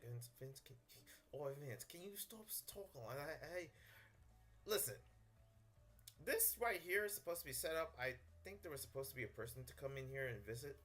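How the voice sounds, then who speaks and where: A man's voice: fairly high pitch, very animated, a little fast, sharp tone. A man hosting a casual gameplay video, talking in a jokey, rambling way and chuckling between phrases. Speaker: gaming video host.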